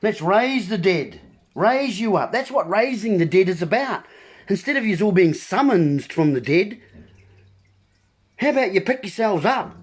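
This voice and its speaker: A man's voice: sits high, expressive, a little slow, slightly rough. A man hosting a political monologue, ranting and repeating himself as he keeps addressing his listeners as folks. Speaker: video host.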